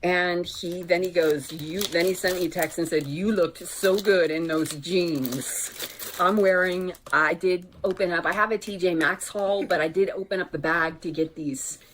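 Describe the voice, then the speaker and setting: A woman's voice: fairly low pitch, steady tone, normal speed, hardly any pauses, a bit bright, a little hiss or hum. A woman vlogger telling candid dating stories in a casual, conversational storytime way. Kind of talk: chatty storytime vlog.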